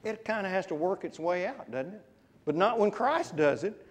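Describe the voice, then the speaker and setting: A man's voice: high voice, lively intonation, normal speed, long reverb tail. A man preaching a conversational sermon, often putting questions to his congregation. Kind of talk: interactive Bible class sermon. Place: church.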